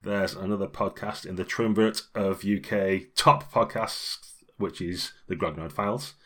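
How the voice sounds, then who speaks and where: A man's voice: deep voice, fairly even intonation, moderate pace, a bit bright. A middle-aged British man co-hosting a role-playing podcast, chatting casually and rambling with frequent laughs. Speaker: podcast co-host.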